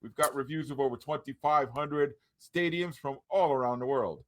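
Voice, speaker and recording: An upbeat man hosting a casual sports podcast, rattling through plugs and introductions in an easy chat style. His voice sits at an ordinary middle pitch for a man. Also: moderate pace, fairly bright tone. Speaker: podcast host.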